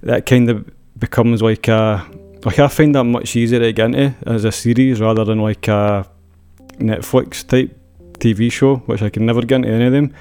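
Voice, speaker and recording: A man's voice: mid-range voice, steady tone, normal speed, darkish tone, clean tone, faint music behind. A man with a Scottish accent in a casual podcast chat, thoughtful and a bit hesitant.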